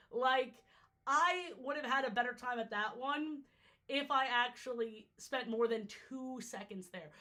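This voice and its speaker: A woman's voice: a little high, a bit bright. A young woman from New York chatting casually on a livestream, jokey and easily sidetracked, her voice a little worn out. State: slightly worn-out voice. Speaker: streamer ranking water parks.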